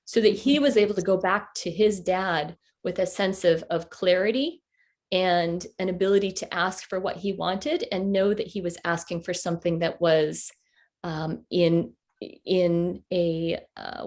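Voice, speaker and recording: A woman in her forties, telling a personal story with halting, heartfelt pauses and fillers as a workshop presenter on a video call. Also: on the low side, fairly even intonation, a little mellow. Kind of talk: storytelling talk to an online group.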